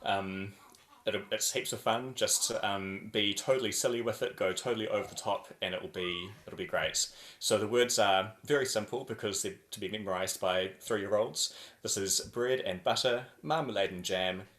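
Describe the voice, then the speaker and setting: A man leading a choir warm-up over a video call, playful and over the top as he chants drills. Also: on the low side, normal speed, reverberant.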